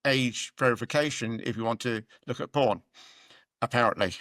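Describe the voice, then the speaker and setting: A man's voice: mid-range voice, moderate pace, fairly bright tone, no room sound, clean studio sound. A British man co-hosting a podcast, chatting casually about politics in a rambling way with fillers and restarts. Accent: British English. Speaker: podcast co-host.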